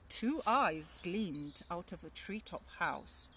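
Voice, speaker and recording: A woman teacher reading a rhyming picture book aloud with expressive, rhythmic storytelling. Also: on the low side, slow, hardly any pauses, a little hiss or hum.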